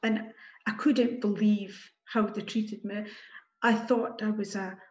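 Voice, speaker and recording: A woman guest giving candid spoken testimony, emotional and halting, with wry asides. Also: mid-range voice, steady tone. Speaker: guest telling her story. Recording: dull lo-fi recording.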